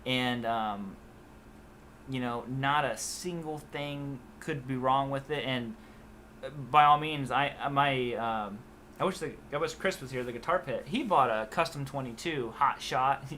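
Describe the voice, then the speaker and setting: A man's voice: mid-range voice, takes it slowly, a little hiss or hum. A young man hosting a live guitar stream, rambling casually and reading viewer comments aloud. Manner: rambling, relaxed, reads chat comments aloud. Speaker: guitar channel host.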